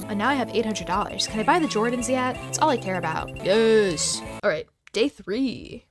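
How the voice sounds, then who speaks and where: Over music, this woman delivers casual let's-play commentary for her gaming channel, excitable and chatty with dramatic outbursts. Her medium-pitched voice moves at normal speed with few pauses.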